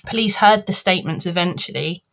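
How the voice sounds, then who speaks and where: A woman telling a true-crime story on a podcast in a chatty, animated way, acting out people as she goes. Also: on the low side, fairly quick, creaky.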